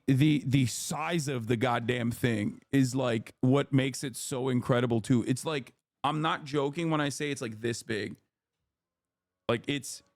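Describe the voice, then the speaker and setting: A man's voice: on the high side, no room sound, clean studio sound. Profane, rambling man on stream. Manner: rambling, profane, animated storytelling. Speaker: livestream host. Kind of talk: casual chat.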